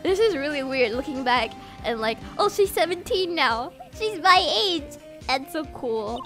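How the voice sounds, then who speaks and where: A woman's voice: high voice, expressive, measured pace, fairly bright tone, faint music behind. Giggly young woman streamer from Singapore. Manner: giggly, playful. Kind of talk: casual live game commentary.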